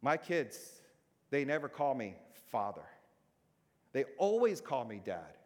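A male pastor preaches in a chatty, conversational way, rising for emphasis and then dropping to near-hushed lines. His voice sits at a middle pitch, and a long hall reverb trails after each phrase. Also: sing-song, slow pace. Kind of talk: sermon.

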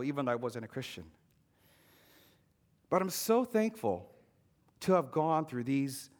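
A male pastor preaching a sermon with personal testimony, earnest and emphatic, slowing down and dropping low on key words. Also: a bit bright.

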